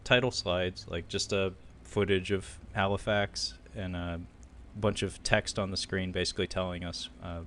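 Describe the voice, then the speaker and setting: A man with a low voice co-hosts a movie podcast, walking his partner through a documentary's ending. He chats casually and breaks into quoted lines with sudden energy. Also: normal speed, slight background noise. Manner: animated storyteller, acting out quotes with loud bursts and laughter. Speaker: podcast co-host. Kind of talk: casual film recap chat.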